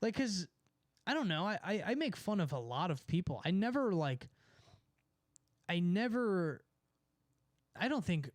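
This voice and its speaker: A man's voice: high-pitched, big pitch swings, no room sound. Sarcastic young man ranting, dry mic. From California. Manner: sarcastic, mocking, quick asides with laughs. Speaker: streamer. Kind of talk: casual ranting chat.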